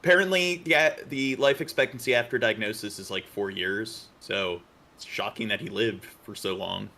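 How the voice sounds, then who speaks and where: Gravelly, bright low-voiced man. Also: moderate pace. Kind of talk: casual banter.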